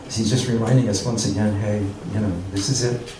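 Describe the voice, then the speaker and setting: An older man, a poet, reading poems slowly and repeating each short one, then talking to a group. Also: lowish voice, fairly even intonation. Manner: slow, measured reading, repeating each haiku twice. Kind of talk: poetry reading and talk to a group. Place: arts center room with an audience. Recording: echoey room, mic far off, noisy.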